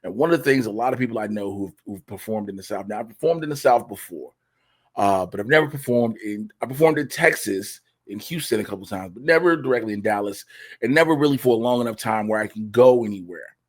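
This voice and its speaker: A man hosting a podcast, telling a funny story in casual chat with big excited outbursts. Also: on the low side, fast talker. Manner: animated, swings into loud excited shouts and laughs. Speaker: podcast host.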